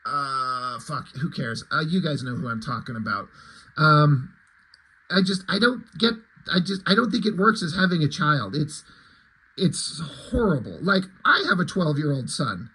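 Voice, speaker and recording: Husky, profane, rambling comic reviewer. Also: male voice, on the high side, animated, unhurried, bright, forceful tone, low-quality recording. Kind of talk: casual video review.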